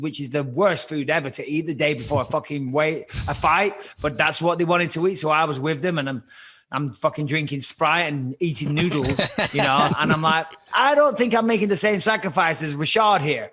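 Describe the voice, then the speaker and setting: His voice sits on the high side with a fairly bright tone. A one-time fighter born on a British army base in Cyprus and raised in England, he speaks with a Liverpool accent and guests on a casual podcast, telling rambling, swear-heavy stories.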